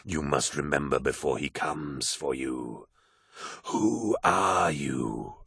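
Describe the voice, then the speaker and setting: A man voicing a solemn male wolf spirit who speaks slowly and gravely. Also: rumbling low, a bit bright, dry recording, clean studio sound, pitched below the performer's own voice, full character voice. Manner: slow, grave, drawn-out.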